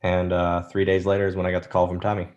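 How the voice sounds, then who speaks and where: A man's voice: low-pitched, completely flat delivery, quick pace, a little mellow, lo-fi sound. A man in his thirties telling rambling, self-deprecating stories as an interview guest, with lots of restarts. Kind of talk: casual storytelling interview.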